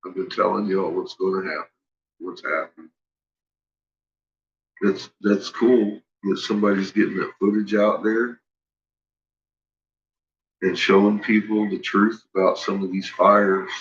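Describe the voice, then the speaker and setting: Man, low voice, casual livestream rant, profane, laughs a lot, muffled lo-fi audio. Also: steady tone, a little slow, pauses often. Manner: profane, laughs often, ranting. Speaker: livestream host. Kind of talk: casual rambling livestream talk.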